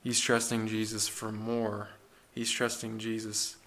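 A man's voice: lowish voice, monotone, measured pace, a bit bright. Earnest man preaching conversationally. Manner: earnest, conversational, with restarts and rhetorical questions. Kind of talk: sermon.

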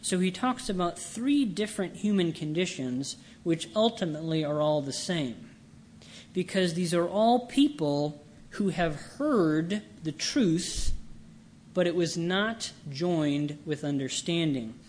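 A man preaching a sermon, reading scripture and explaining it with slow, earnest emphasis. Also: a little high, animated, a little mellow, a little hiss or hum.

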